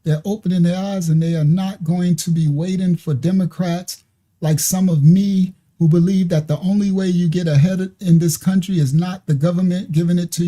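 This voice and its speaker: Man commentator, warm, dark tone, preachy but casual, lots of "you understand?". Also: sits high. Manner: preachy, conversational, with frequent asides and checks like "you understand?". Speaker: online ministry commentator. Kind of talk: commentary reacting to played clips.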